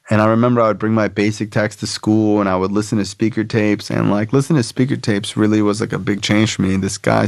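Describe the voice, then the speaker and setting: A man's voice: lowish voice, gravelly, no room sound, studio quality. A man, a podcast guest, telling a personal story casually, rambling with many filler words.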